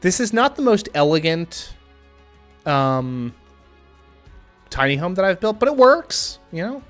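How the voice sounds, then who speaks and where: Slow, lively-voiced young man streaming. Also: high voice, faint music behind. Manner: thinks aloud with frequent ums and restarts. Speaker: game streamer. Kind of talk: casual live-stream commentary.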